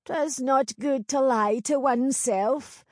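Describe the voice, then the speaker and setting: Woman voicing a slow, knowing old crone seer. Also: sits high, darkish tone, no room sound, clean studio sound, voice pushed up. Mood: cryptic. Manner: slow, knowing, archaic speech. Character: wise old female crone seer, cryptic.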